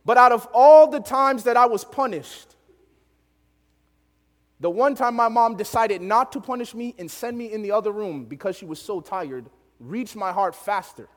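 A young man preaching, telling a story from his childhood in an animated way, laughing often and acting out the voices of the people in it. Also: high voice, normal speed, in a large hall. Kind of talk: storytelling sermon.

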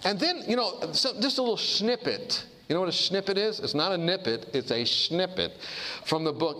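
A man's voice: high voice, sharp tone. A man giving a sermon-style talk, telling stories with humor and asides to the audience. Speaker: preacher. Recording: long hall reverb.

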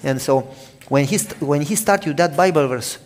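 A Romanian-accented preacher from Romania shares personal testimony in a dramatic sermon, alternating between loud eruptions and soft, hushed narration. His voice is male and a little high, the pace is moderate, and a long reverb tail follows his words.

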